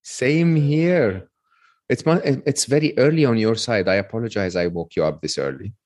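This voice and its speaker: A man talking as a podcast guest, calm and gentle, with a light self-deprecating manner. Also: medium pitch, normal speed. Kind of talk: casual chat over a remote call.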